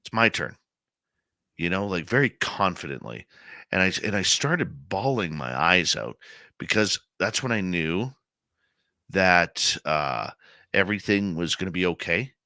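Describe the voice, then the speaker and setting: Deep bright-toned man telling a heartfelt story. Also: lively intonation, unhurried, dry recording, studio quality. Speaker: radio show host. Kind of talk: conversational interview.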